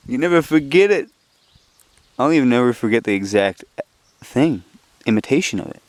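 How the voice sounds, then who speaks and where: A man's voice: mid-range voice, animated, normal speed, long pauses, a little mellow, no room sound. A man with a strained, worn-out voice chatting casually in a rambling, giggly way while coaxing his cat. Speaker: podcast host.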